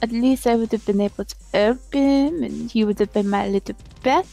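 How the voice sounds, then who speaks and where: A woman's voice: fairly high pitch, normal speed, vocal fry, mellow, faint music behind. A woman playing a tabletop role-playing game, speaking with prim, mock-genteel manners in character. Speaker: player.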